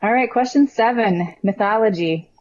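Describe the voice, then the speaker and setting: A woman hosting a trivia podcast reads questions and answers in a brisk, matter-of-fact way. Her voice sits at a middle pitch, and the remote audio comes through slightly dull and lo-fi with a faint hiss underneath. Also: a little mellow. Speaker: quiz host.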